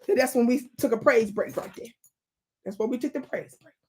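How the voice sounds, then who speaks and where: A woman hosting a live stream, reading history aloud and calling out to her chat in an animated, preachy way. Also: on the high side, brisk, slightly rough. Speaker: livestream host.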